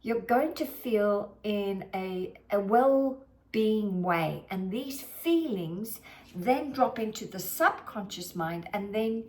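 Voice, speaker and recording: Animated, expressive middle-aged woman speaker. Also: mid-range voice, slow. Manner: animated and expressive, acting out her own past thoughts. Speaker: motivational speaker. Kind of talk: motivational video talk.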